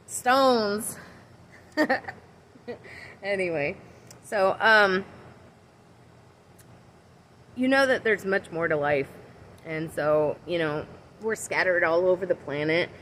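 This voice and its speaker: A woman with a fairly low voice, chatting her way through a livestream tarot reading from outside her house. She rambles between cards and greets her viewers by name. Faint noise sits under her phone recording. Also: fairly bright tone, poor audio. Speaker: tarot and oracle card reader. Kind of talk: casual livestream card reading.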